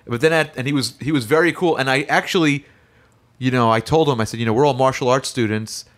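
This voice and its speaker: Animated man telling a story. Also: mid-range voice, quick pace. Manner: animated, acts out voices in stories. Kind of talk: casual chat.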